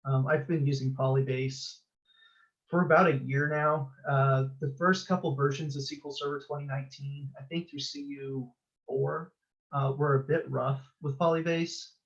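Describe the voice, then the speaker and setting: A man's voice: mid-range voice, steady tone, normal speed. Give me a man presenting a technical talk, hesitant and full of fillers, over dull lo-fi meeting audio. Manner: hesitant, many filler sounds.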